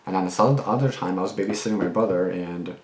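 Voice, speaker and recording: Young man, deep low voice, rambling reaction talk, echoey room, faint background noise. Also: quick pace, darkish tone. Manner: rambling, lots of fillers and restarts, swears freely. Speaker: reaction channel host. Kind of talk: casual reaction commentary and storytelling.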